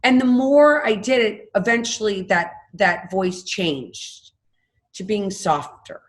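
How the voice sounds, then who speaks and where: A woman's voice: medium pitch, slow. A woman in her fifties, a podcast guest, telling her story candidly and with animation. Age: 50s. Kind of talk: casual interview talk.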